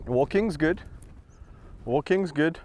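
With a highish, darkish voice, lively intonation and a slow pace, a middle-aged man talks to animals in the bush over slight background noise. He's a wildlife sanctuary keeper, fondly coaxing and teasing them with laughter in casual handheld-camera footage.

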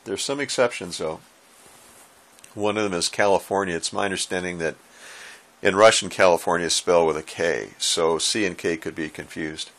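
Low-voiced guy explaining radio stuff from his shack, easygoing, bit of dry humor. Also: normal speed. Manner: relaxed and folksy, with dry asides. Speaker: ham radio operator and instructor. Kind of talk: casual how-to explainer. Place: home radio room.

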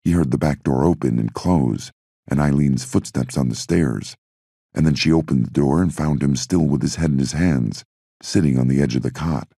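A man reading an audiobook in a steady, measured narration. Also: rumbling low, gravelly, dry recording, studio quality.

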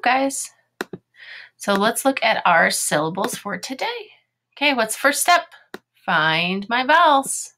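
A woman's voice: a little high, bright, forceful tone, slight background noise. A woman teaching a phonics video lesson, sounding out letters and syllables one by one and asking her young learners encouraging questions.

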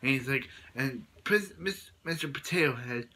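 A man casually retelling a movie plot as a reviewer, rambling with many restarts and quick quoted lines. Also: mid-range voice, pushed and bright, slight background noise, poor audio.

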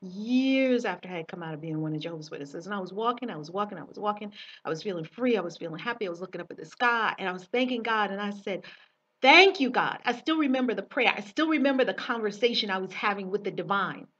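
Female spiritual teacher, husky timbre, emphatic repetitive storyteller, distant muffled mic. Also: mid-range voice, fast, a bit bright. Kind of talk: personal spiritual monologue to camera. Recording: dull distant recording.

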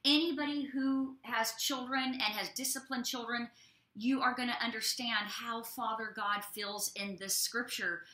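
A woman prophet co-hosting a ministry show, teaching from the Bible in an expressive way with folksy asides to her listeners. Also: on the high side, a little slow. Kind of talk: animated preaching and Bible teaching. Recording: echoey room.

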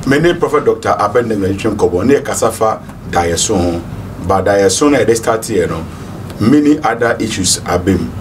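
A man's voice: on the low side, expressive, fairly quick. A Ghanaian man hosting a talk show, addressing viewers directly in a friendly way. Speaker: host. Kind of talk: casual show outro. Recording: distant mic with clear noise.

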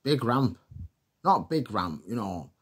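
A middle-aged man rambles through stories in a casual vlog. His voice is husky and sits at an ordinary pitch. He laughs often and leans on fillers as he talks. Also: very animated, slow pace. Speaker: vlogger.

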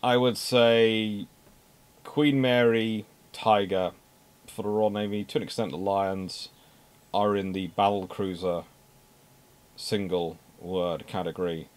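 A man's voice: on the low side, little pitch movement, slow. A man giving an unscripted naval history talk, emphatic, repeating words for stress and adding dry asides.

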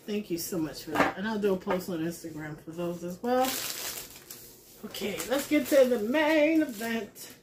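A woman chatting casually to her viewers while opening craft mail, gushing and excited, and a mother. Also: medium pitch, moderate pace, noisy background. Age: adult with a son. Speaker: crafting vlogger. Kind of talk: casual unboxing chat.

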